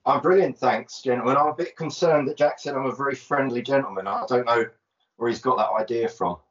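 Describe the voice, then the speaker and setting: A man's voice: mid-range voice, a little fast. A man who is a guest on a comedy podcast and gives dry, joking replies. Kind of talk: casual chat. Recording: roomy, distant, lo-fi.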